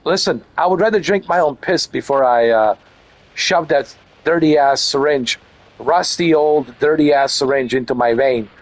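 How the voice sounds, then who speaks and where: A man's voice: on the high side, moderate pace, no echo. A man giving casual let's-play commentary, crude and mocking, repeating his jokes. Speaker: gaming channel host.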